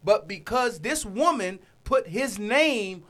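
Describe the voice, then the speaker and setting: A man's voice: high-pitched, lively intonation, slow, fairly bright tone. A man co-hosting a casual chat, teasing the others and bringing up new topics. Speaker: co-host.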